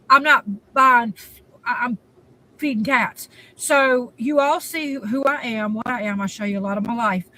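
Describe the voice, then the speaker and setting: A woman's voice: fairly high pitch, pushed and bright, a little hiss or hum, poor audio. A woman rambling through a casual vlog update about rescuing cats, recorded on her phone. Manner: rambling, chatty, repeats herself. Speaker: cat rescuer vlogger. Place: hot day, in or near her truck.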